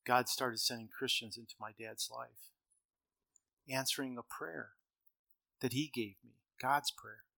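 A middle-aged man preaches to a large congregation in a bright, forward, mid-range voice that stays steady, with vocal fry, a measured pace and frequent pauses. He narrates stories with big shifts in volume, driving certain lines out loudly and letting others fall almost to a murmur.

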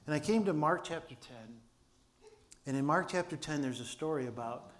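An older man preaching a sermon, telling a story earnestly with restarts and quiet asides, his voice held back by vocal cord damage. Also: fairly high pitch, moderate pace, a little hiss or hum. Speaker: pastor.

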